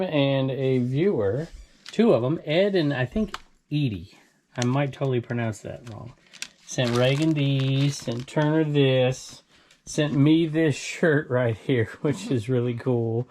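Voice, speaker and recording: A man's voice: mid-range voice, slow, a little mellow. A man, hosting a casual reselling vlog in a chatty, easygoing way and laughing easily. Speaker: reseller channel host.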